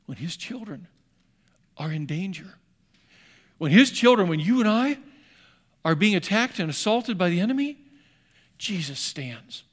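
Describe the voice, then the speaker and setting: A man preaching a sermon in a church sanctuary, dramatically acting out scripture voices and swinging between loud and hushed. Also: sits high, expressive, normal speed, pauses often. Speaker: pastor.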